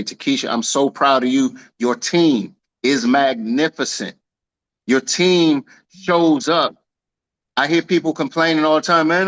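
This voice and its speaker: A man giving a casual celebratory speech on a video call, telling a lively slangy story and acting out the dialogue. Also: mid-range voice, low-quality recording. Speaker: team leader honoring an agent.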